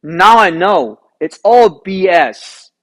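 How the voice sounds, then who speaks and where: A man, a golf instructor, recounting a round in an animated storytelling way, asking himself rhetorical questions. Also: sits high, slow pace, low-quality recording. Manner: animated, rhetorical questions, re-enacts his own thoughts.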